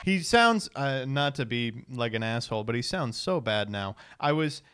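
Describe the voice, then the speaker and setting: A man's voice: medium pitch, moderate pace, a bit bright, a little hiss or hum. A man hosting a stream, casually commenting on clips with a sarcastic tone, frequent laughter and free swearing. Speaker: streamer host.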